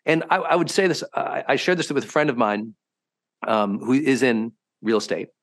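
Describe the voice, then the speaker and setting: A man hosting a podcast, a high-performance coach telling stories in a lively, conversational way and acting out quotes with sudden bursts. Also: normal speed. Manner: animated, swings into loud acted quotes. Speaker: host.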